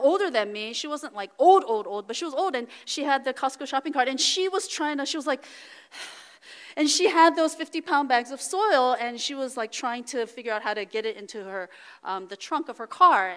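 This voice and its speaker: A woman's voice: a little high, a bit bright. A middle-aged woman pastor giving a sermon in a chatty, storytelling way, full of fillers like "you know" and "right". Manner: conversational, anecdotal, many fillers. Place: church sanctuary. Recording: reverberant church hall.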